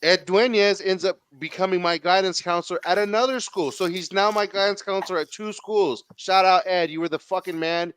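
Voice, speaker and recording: A man in his thirties with a Southern Californian accent tells a story, swearing freely and acting out the voices of the people in it. His voice is smooth and clear, slightly higher than most men's, and the sound is dry and close. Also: no room sound. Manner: profane, animated storyteller, acts out quotes. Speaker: podcast host. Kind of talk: casual storytelling chat.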